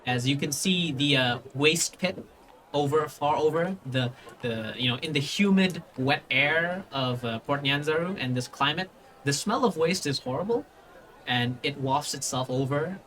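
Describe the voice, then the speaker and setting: A man's voice: on the high side, a little slow, a bit bright. A man narrating as game master of a tabletop game, rambling with many fillers and restarts.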